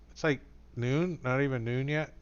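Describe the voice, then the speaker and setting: A man's voice: mid-range voice, a little hiss or hum. Male game master, casual and rambling, muffled voice-chat audio. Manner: casual, rambling, many fillers. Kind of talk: narrating a tabletop game.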